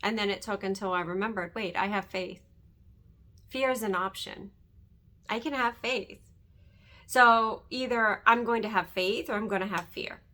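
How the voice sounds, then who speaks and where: Bright-voiced woman sharing faith testimony. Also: mid-range voice, moderate pace. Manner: earnest and emotional, often asks "right?". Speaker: host. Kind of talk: faith-centered personal testimony.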